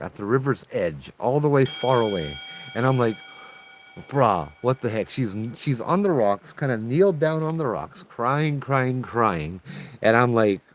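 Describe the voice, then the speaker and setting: A man with a Hawaiian accent casually telling a ghost story in a laid-back, chatty way, full of island slang, outdoors under a tree. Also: medium pitch.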